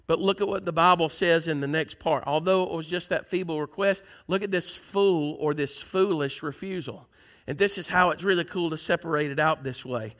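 A man's voice: on the high side, moderate pace, fairly bright tone. A man preaching a sermon in church, reading scripture aloud and asking the congregation questions.

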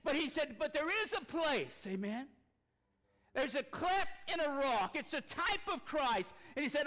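A man preaching a sermon, folksy and impassioned, rising to shouts. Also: extremely high pitch, lively intonation, a little slow. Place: church sanctuary.

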